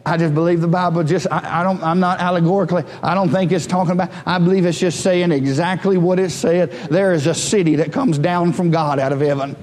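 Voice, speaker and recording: Male preacher, high voice, fervent sermon, long church-hall reverb. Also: steady tone, fairly quick, few pauses. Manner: fervent preaching, climbs to high shouted cries. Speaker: pastor. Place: church sanctuary.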